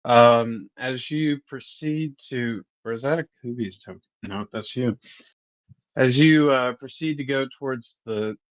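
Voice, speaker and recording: A man running a tabletop game as game master, narrating the scene with frequent ums and pauses. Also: medium pitch, no echo. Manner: hesitant, many ums while narrating. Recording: dull, dry lo-fi mic.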